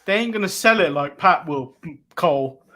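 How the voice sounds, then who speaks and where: Male co-host, bright tone, lively pitch, teasing, laughs a lot. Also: moderate pace. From England. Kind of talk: casual live-stream chat.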